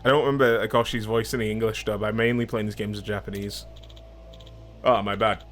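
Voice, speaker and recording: A young man streams a video game, voicing the characters' lines with playful emphasis and poking fun at himself in between, in a let's-play reading of the game dialogue. His voice is fairly low, level and fairly quick, a little bright, with slight hiss or hum in the recording.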